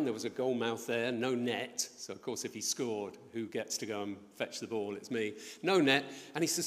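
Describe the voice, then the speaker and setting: A middle-aged man preaching a sermon, telling a story in a lively way and acting out the voices of the people in it. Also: mid-range voice, moderate pace, few pauses. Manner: storytelling, animated, acts out quoted voices. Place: church building. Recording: long church reverb.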